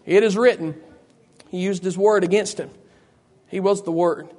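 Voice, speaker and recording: A man preaches a sermon in a high, ringing voice. He keeps turning to the congregation with "you know what?" and rhetorical questions, building his points through repetition. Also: steady tone, normal speed, a little mellow. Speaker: pastor.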